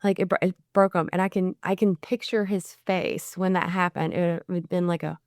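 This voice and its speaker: A woman's voice: on the low side, fairly quick, no room sound, studio quality. Chatty mother telling family stories. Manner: chatty, animated when quoting others. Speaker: guest, bereaved mother. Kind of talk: casual podcast storytelling.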